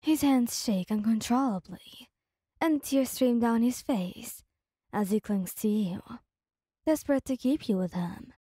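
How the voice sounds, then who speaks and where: A woman narrating a second-person ASMR story in a soft, slow, gentle reading voice. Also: on the high side, lively intonation, breathy edge, dry recording, studio quality.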